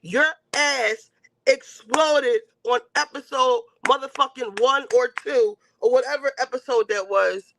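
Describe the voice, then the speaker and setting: A man hosting a casual livestream review of a reality show, ranting in an animated, profane way straight to his viewers. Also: extremely high pitch, measured pace, vocal fry, a little hiss or hum.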